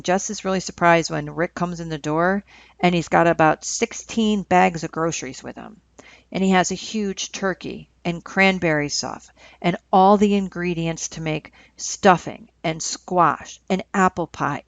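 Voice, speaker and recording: A woman's voice: on the low side, normal speed, no echo. A woman telling a story in a casual, conversational way, with fillers. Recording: dull lo-fi recording.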